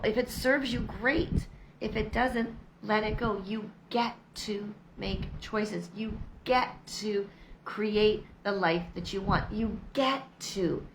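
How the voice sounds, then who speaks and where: A woman's voice: medium pitch, fairly bright tone, a little hiss or hum, poor audio. A middle-aged woman talking to camera in a casual, motivational way, emphatic and repetitive, with chatty asides. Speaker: vlogger.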